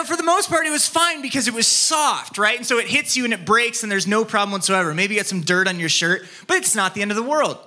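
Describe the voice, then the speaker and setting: A male pastor delivers a sermon in a bright, sharply ringing voice that sits high for a man. His pitch swings widely as he acts out a story, then settles low and soft when he makes his point. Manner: animated storytelling, acts out scenes, drops soft for key points.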